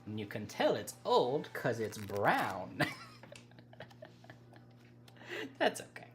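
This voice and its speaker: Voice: medium pitch, wildly swooping pitch, very slow, a little hiss or hum. A livestream host chatting casually with viewers, rambling, breaking off mid-thought and laughing often.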